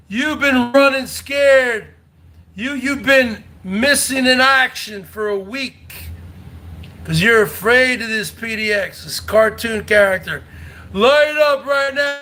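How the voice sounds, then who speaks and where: High, brash New Jersey man ranting. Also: slow pace. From North Jersey. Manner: loud, combative, profane, repetitive taunting; frequent high whooping shouts. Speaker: livestream host. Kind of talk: rowdy livestream rant to chat.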